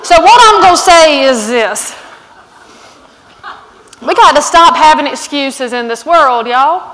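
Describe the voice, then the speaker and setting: Outspoken Southern woman keynote speaker, high-pitched, with long stage reverb. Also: expressive, a little slow, fairly bright tone. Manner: blunt, outspoken, folksy. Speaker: conference speaker. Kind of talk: fiery motivational keynote. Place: large conference hall.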